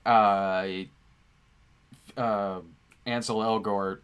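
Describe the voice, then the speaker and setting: A man's voice: fairly low pitch, steady tone, clear, resonant tone. Rambling male movie reviewer. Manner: rambling, halting with fillers and restarts, laughs often. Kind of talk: casual conversational film review.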